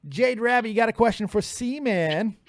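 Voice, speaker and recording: A man hosting a livestream, trading crude jokes with his co-hosts. His voice sits a little high. The sound is dry and close. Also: lively intonation, moderate pace, no echo. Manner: joking, crude, playful. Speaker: livestream host. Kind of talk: casual chat.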